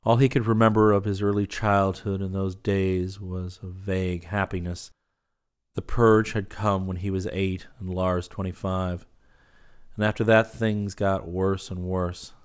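Deep, flat-voiced male storyteller. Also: a little slow, smooth. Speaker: audiobook narrator. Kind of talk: scripted narration.

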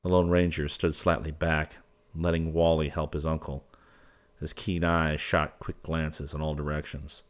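A man narrating a western audiobook in an even storytelling manner. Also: rumbling low, measured pace.

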